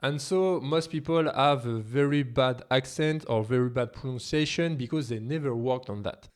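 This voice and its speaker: A man's voice: mid-range voice, normal speed. French-accented man teaching pronunciation. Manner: emphatic, rhetorical questions, occasional laughs. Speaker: language teacher. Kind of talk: scripted video lesson.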